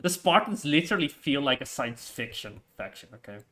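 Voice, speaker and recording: A man streaming a city-building game in casual chat, rambling with lots of fillers and quick laughs. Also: medium pitch, animated, sharp tone. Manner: rambling, hesitant, full of fillers and frequent laughs. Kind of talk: casual live-stream chat while playing.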